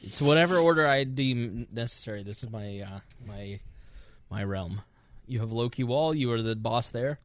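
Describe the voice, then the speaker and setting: A man's voice: mid-range voice, normal speed, no echo. A man hosting a podcast, chatting casually and teasing his co-host before the show. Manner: teasing, animated, laughs often. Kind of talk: casual pre-show banter.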